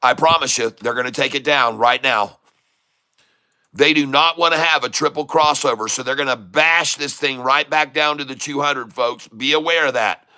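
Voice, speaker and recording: A man's voice: medium pitch, normal speed, bright, forceful tone, smooth. A man live-streaming day-trading commentary, joking with chat and laughing often, then repeating urgent warnings to viewers. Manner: jokey, laughs often while reading chat.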